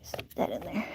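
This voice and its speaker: Chatty woman laughing in a garden. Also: noisy background. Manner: rambling, laughs often. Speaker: vlogger. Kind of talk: casual chat. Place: outdoor garden on a farm.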